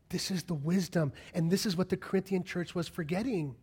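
This middle-aged male pastor speaks in a high, slightly breathy voice, moving fairly quickly with hardly any pauses. His sermon is full of lively stories in which he performs each character's quoted lines.

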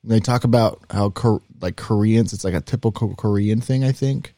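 Young guy cohosting a podcast, rambly storyteller, dark warm tone. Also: lowish voice, normal speed, dry recording, studio quality. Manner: rambling, animated storytelling with demo voices. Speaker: podcast co-host. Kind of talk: casual chat.

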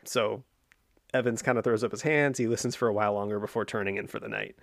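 A man's voice: lowish voice, steady tone, fast, gravelly, fairly bright tone, dry recording, studio quality. A man co-hosting a casual history podcast, explaining at length and thinking aloud with fillers and restarts. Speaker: podcast co-host.

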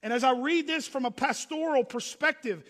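A man preaching a sermon from the pulpit. His voice is very high and bright. He moves between loud, emphatic preaching and low, hushed asides, and the sound rings with the long reverb of a large church hall. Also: moderate pace. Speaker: pastor.

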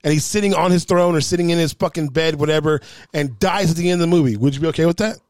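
Man chatting casually, swears freely, bit high pitched, very dry sound. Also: fast, darkish tone, dry recording. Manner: profane, rambling storyteller. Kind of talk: casual podcast chat.

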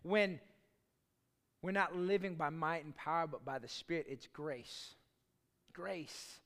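A man preaching a sermon as pastor, in a conversational, storytelling way with chatty asides. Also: high voice.

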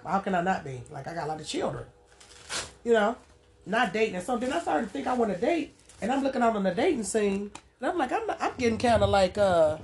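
A woman talking on her own podcast in a relaxed, rambling monologue. She speaks colloquially, circles back on her points, and keeps checking in with the listener. Her pitch sits in an ordinary middle range. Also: a little hiss or hum. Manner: rambling and colloquial, with frequent "you know what I'm saying". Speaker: podcast host. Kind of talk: casual spoken monologue.

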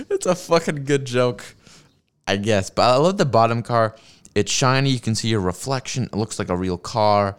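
Reacting to videos on his stream, a man delivers a profane, sarcastic rant and keeps laughing at his own jokes. His mid-range voice is expressive and clean, at a normal speed. He's using a streaming microphone at a desk with a mixer.

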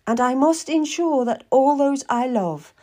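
A commanding, ailing old noblewoman in an audiobook, her voice pitched high and lilting. A woman reads her slowly and grandly, every line an order. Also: animated, warm tone. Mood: imperious. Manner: commanding, haughty.

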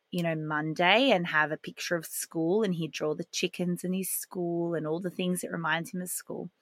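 A woman, speaking alone on a podcast. Her voice sits on the low side and her manner is calm, earnest and reflective. The recording is dry, with no room sound. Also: dry recording. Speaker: podcast host. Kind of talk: solo podcast monologue.

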